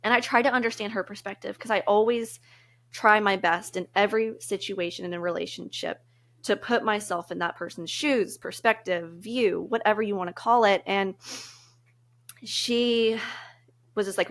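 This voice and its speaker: A woman's voice: mid-range voice, fairly even intonation, moderate pace, a bit bright. A woman co-hosting a podcast, talking through relationship advice in a casual, earnest, reflective way and laughing easily. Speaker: podcast co-host.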